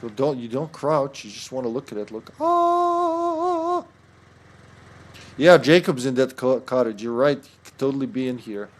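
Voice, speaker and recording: A man's voice: medium pitch, fairly quick, hardly any pauses, darkish tone. A man streaming a video game, chatting casually and rambling with lots of fillers and restarts. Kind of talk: casual gameplay commentary.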